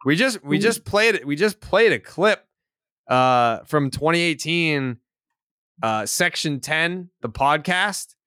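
Young man, sports podcast co-host, animated pitch, smooth voice, dry close sound, loose rambling banter. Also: takes it slowly, no room sound. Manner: laughing, rambling, profane banter. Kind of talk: casual sports chat.

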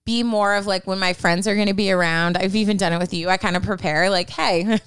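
A young woman speaks in a candid, chatty way and fills her advice with likes and ums. Her voice is very smooth and resonant. The recording is dry and close, with no room around her. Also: medium pitch, fairly even intonation, fast talker, a bit bright, no echo. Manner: candid, chatty, many fillers. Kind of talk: casual advice chat.

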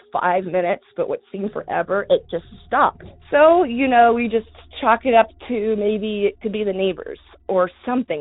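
Woman caller, mid-pitch, casual storyteller, hesitant with soft laughs, phone-line sound. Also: no room sound. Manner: halting, with fillers and soft laughs. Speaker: caller telling a personal story. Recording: tinny phone line, dry.

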